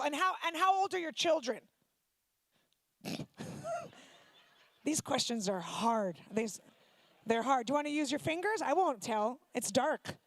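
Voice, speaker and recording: A woman from Ukraine doing stand-up comedy, teasing audience members in quick banter on a handheld stage mic. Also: sits high, dry recording. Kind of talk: stand-up comedy with crowd work. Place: comedy night venue before a live audience.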